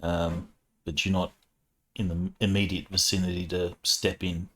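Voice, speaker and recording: A man serving as game master, narrating a tabletop game in a relaxed, conversational way with frequent fillers. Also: deep voice, unhurried, a little hiss or hum.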